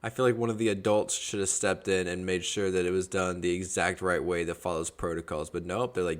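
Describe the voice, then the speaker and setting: A man from Georgia hosting a podcast, telling his stories in a casual, animated and jokey way. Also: sits low, fairly quick, few pauses. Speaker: podcast host. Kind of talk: casual storytelling chat.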